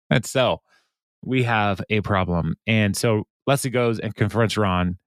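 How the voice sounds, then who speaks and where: A podcast host with a fairly low voice casually recaps a sitcom episode scene by scene, slowly, and often breaks into laughter while quoting characters. The recording is dry and close, with no room sound.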